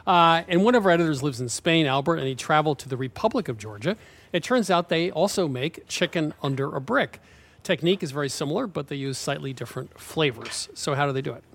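A man hosting a radio cooking show, asking questions and narrating in a measured way. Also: fairly high pitch, lively intonation, a bit bright. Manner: measured, laughs easily.

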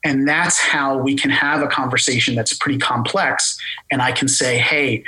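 A man with a Philadelphia accent explaining a technical product in an interview, talking fast and full of jargon. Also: medium pitch, steady tone, bright, forceful tone, husky, low-quality recording. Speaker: tech company guest explaining voice AI.

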